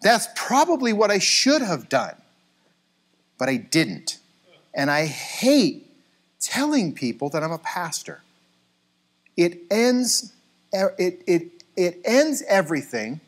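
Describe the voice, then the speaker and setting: Animated middle-aged man preaching. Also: high-pitched, slow pace, pauses often. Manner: storytelling, acts out voices in quotes, animated. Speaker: pastor. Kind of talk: conversational sermon with anecdotes. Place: church sanctuary.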